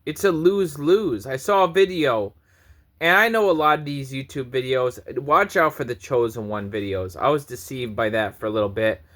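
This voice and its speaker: A man's voice: medium pitch, animated, normal speed, fairly bright tone. A man in his thirties ranting to camera in a preachy, confrontational vlog monologue, swearing often. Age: 30s. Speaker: vlogger.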